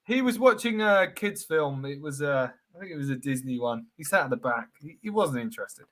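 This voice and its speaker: Bright-voiced man telling jokey stories. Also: fairly high pitch, brisk. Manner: jokey, animated storytelling. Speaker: co-host. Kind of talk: casual comedy chat.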